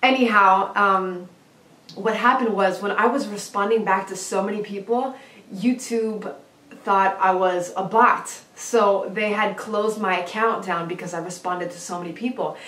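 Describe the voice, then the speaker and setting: A young woman tells a personal story straight to her viewers, lively and chatty, jumping into high excited voices when she quotes herself. She sits a little back from the mic in a roomy space, so the voice carries some echo. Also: measured pace. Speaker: singer and vlogger. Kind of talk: casual storytelling to camera. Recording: roomy, slightly distant from the mic.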